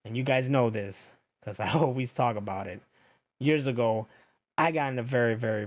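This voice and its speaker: A young man hosting a podcast, ranting casually with lots of swearing and acting out what other people said. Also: on the low side. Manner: animated, profane, acts out others' lines. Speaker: podcast host. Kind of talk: casual storytelling rant.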